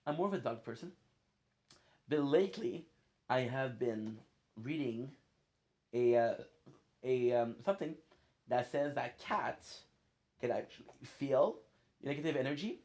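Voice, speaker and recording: A man's voice: mid-range voice, expressive, a little slow, pauses often, a little mellow. A male streamer chatting casually as he plays, rambling from thought to thought. His talk is playful and loose, and he laughs easily between sentences. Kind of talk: casual chat while gaming.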